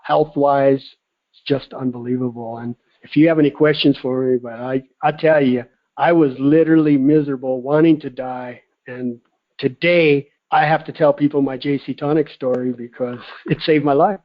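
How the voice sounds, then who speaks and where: A man in his fifties, a caller telling his own story in an excited, animated way. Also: medium pitch, normal speed, muffled recording. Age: 50s. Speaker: caller giving a testimonial. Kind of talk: casual phone-in testimonial.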